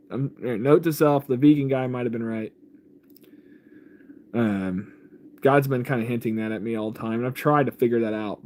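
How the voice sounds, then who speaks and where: A man with a fairly high, slightly bright voice hosts a relaxed livestream on faith, reading out viewer comments and responding. He wanders from point to point, laughs a lot, and says "man" constantly.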